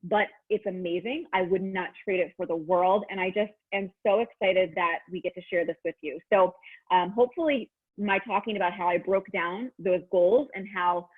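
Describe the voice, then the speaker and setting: A woman in her thirties, a business coach, telling her story in a chatty, excitable way with lots of fillers. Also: lowish voice, normal speed, breathy edge. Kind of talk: casual personal testimonial. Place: at home. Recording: tinny phone-like line.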